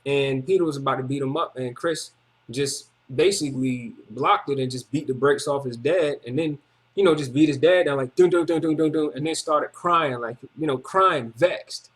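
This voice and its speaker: Man, husky, slangy and repetitive; emotional personal testimony, loose rambling delivery. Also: on the high side, moderate pace. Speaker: testimony speaker.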